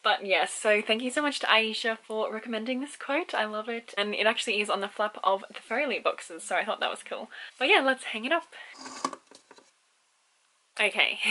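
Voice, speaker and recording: A young woman chats about her books in a bright, clear voice. She gushes and laughs as she talks, and she cannot contain her excitement. It sounds like a casual vlog recorded at home. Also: medium pitch, poor audio. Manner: gushing, excitable, laughs often. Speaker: book vlogger.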